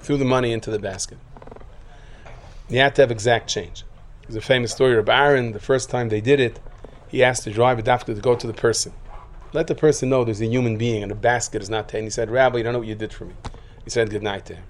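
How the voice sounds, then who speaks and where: A man giving a sermon full of stories, acting out voices and rising to loud bursts. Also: mid-range voice, fast talker. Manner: lively storyteller who acts out quotes, rising to loud outbursts. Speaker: rabbi giving a talk.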